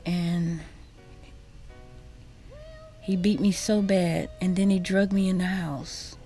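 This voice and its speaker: A woman speaks into a studio microphone as a radio guest, in a slow, mellow, rather dark voice. She talks haltingly and often repeats her words. At times her voice sinks to a near whisper. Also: on the low side, steady tone, soft background music. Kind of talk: personal testimony in a radio interview.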